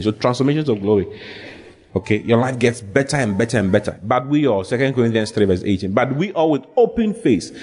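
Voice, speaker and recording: A male pastor preaching a humorous sermon, animated, joking and laughing as he talks. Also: mid-range voice. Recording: live with congregation heard.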